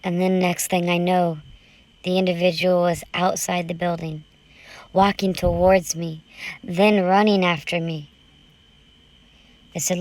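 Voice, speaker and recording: Woman reading a scary story slow and tense, kinda low voice. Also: little pitch movement, a little mellow. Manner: tense, urgent retelling. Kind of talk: dramatic first-person story reading.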